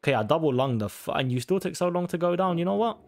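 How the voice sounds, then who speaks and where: A young man giving casual, sweary commentary on a hunting game and taunting the animals loudly. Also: on the high side, lively intonation, quick pace. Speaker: gaming YouTuber.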